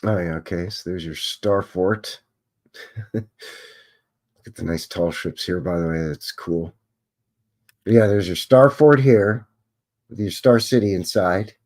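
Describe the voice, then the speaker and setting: A man's voice: low voice, a little slow, long pauses, a little mellow. A man hosting a live stream, musing and chatting as he thinks aloud over old photographs.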